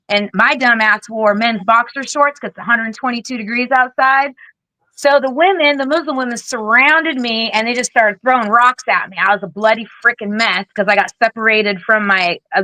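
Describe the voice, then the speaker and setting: A woman in her forties, a military veteran being interviewed, telling her story in a candid, blunt, animated way, with casual swearing and lively acted-out quotes. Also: fairly high pitch, normal speed, no room sound, poor audio. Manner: animated, acts out other people's lines. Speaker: guest, Air Force veteran.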